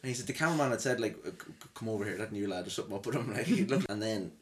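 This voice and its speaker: A young Irish man tells funny stories from work with a fairly low voice. He rambles, laughs at himself and slips into impressions of the people he met. It is relaxed, chatty podcast talk. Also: rapid-fire. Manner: rambling anecdotes, laughs at himself, sings and mimics others. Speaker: podcast host. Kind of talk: comic storytelling chat.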